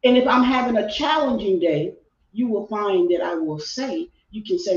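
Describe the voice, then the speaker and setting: A woman's voice: medium pitch, lively intonation, moderate pace. A middle-aged woman from Texas, a life coach guest telling a heartfelt personal story and repeating phrases for emphasis. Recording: roomy, distant, dull video-call audio.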